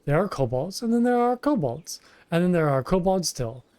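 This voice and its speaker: A man voicing a small, frantic kobold creature who repeats words in shrill, excited bursts. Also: normal speed, dry recording.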